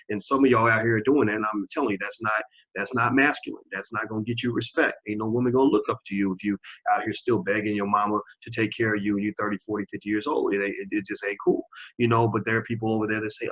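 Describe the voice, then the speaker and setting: A man's voice: lowish voice, steady tone, fast, a bit bright. A man in his forties hosting his own channel, delivering an emphatic, preachy opinion monologue and repeating phrases for stress. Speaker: channel host. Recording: dull lo-fi recording.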